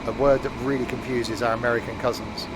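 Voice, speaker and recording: A man's voice: medium pitch, fast talker. A man casually chatting with his live-stream viewers while playing a game, making wry asides. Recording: steady background noise.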